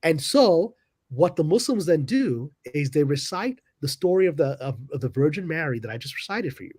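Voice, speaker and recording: The clean studio recording, free of room sound, catches a husky man's voice of fairly high pitch at normal speed. He is a podcast panel guest who tells a story with animated flair, dramatically acting out the characters he quotes.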